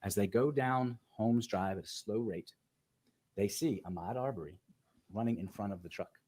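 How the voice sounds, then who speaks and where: A man, a defense attorney, giving an opening statement in court and walking through events step by step in a measured way. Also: lowish voice, darkish tone, slightly rough, low-quality recording. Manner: measured, methodical walkthrough of events.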